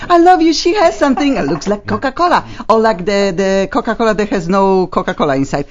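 Excitable woman hosting a chat show. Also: fairly high pitch, fairly quick, few pauses. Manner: excitable, effusive, non-native phrasing. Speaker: talk show host. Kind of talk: casual chat. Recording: slightly dull lo-fi sound.

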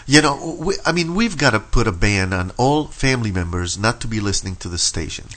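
A man's voice: fairly low pitch, lively intonation, a little fast, a bit bright. A man hosting a radio talk show, chatting in a laid-back way, swearing and saying "you know" a lot. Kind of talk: casual chat.

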